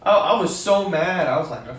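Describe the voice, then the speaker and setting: Young male podcast co-host, profane storyteller, lively pitch, roomy distant sound. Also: brisk. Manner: rambling, profane, animated retelling. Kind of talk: casual storytelling chat. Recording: echoey room from far off.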